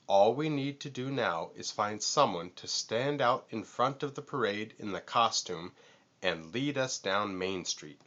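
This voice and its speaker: A man voicing a calm, confident male lion in a storybook read-aloud, easygoing and reassuring. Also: fairly low pitch, measured pace, highs cut off.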